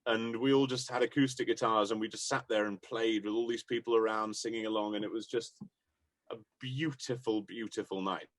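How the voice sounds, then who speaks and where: A man's voice: lowish voice, steady tone, brisk, dry recording. A man telling enthusiastic, rambling anecdotes about his music career in a casual interview, laughing often. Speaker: musician guest.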